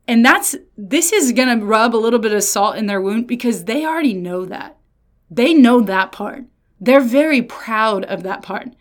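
A woman giving a casual Bible lesson, retelling stories in lively slang with playful voices. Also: fairly high pitch, normal speed. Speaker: Bible teacher.

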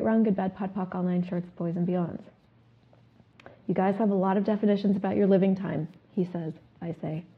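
Woman host, husky voice, self-help talk, questioning, repeats statements, phone-like sound. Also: mid-range voice.

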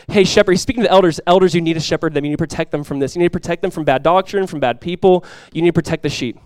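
Quick-talking pastor preaching. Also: male voice, high-pitched, smooth, dry recording, studio quality. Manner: animated storytelling, drops quiet and slow for emphasis; conversational, many fillers like "like" and "you guys". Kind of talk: sermon.

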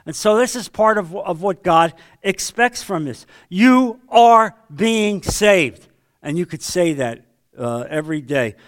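A man leading a men's Bible study, teaching in a conversational sermon style and telling stories with sudden swings between loud and hushed delivery. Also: a little high, moderate pace. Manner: storytelling, acts out quoted voices, swings between loud and hushed.

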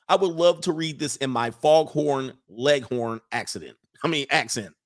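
A man's voice: fairly high pitch, moderate pace, hardly any pauses. A man giving casual sports commentary who rambles, often restarting and correcting himself.

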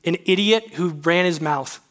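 A man in his thirties preaching to young adults, telling a personal story in an earnest, halting, emotional way. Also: a little high, a bit bright.

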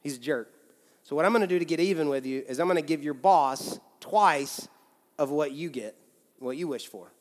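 A man's voice: fairly high pitch, moderate pace, voice pushed down, close to an everyday voice. A man voicing an irritated male genie who grants wishes with a spiteful catch, speaking in a grudging, scheming way.

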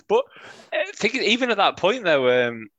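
A man's voice: high voice, very animated, measured pace, sharp tone, no echo, highs cut off. A man chatting about football as a podcast co-host, joking and mimicking others. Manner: joking, mocks others in a whiny voice. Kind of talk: casual chat.

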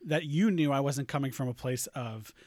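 A man's voice: mid-range voice, moderate pace, darkish tone, no echo, clean studio sound. A man, a podcast host and game master, chatting casually with many fillers and restarts. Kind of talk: casual chat.

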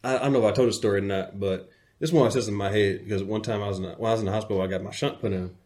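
This man co-hosts a podcast, racing through his words in a fairly low voice. During the casual conversation he tells lively stories and performs the people he quotes in put-on voices.

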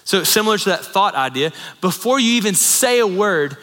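Bright-voiced male pastor in reverberant hall. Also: high-pitched, animated, normal speed. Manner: conversational, storytelling with asides and laughs. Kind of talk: sermon. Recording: long reverb in a large hall.

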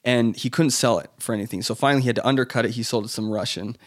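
A man's voice: medium pitch, racing. A man as a podcast guest, talking loosely with lots of fillers and restarts. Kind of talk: casual conversation.

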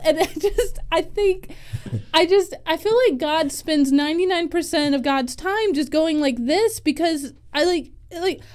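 A woman in a casual faith discussion, reflective and quick to laugh. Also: sits high, darkish tone. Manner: laughs easily, conversational and reflective.

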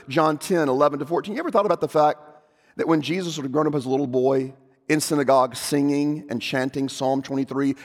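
A man preaches a sermon in a mid-range voice, building into loud, emphatic proclamation when he quotes scripture. He speaks in a church sanctuary, and a long reverb trails every phrase. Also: medium pitch, fairly even intonation, brisk. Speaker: pastor.

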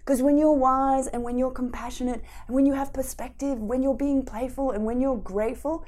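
A woman giving an emotional-wellness talk, telling lively, playful stories. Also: high voice, brisk.

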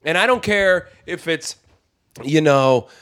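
A man's voice: on the high side, expressive, slow, fairly bright tone. A male comedian telling a story on a podcast in a casual way, acting out other people's lines as he goes. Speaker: touring comedian, guest.

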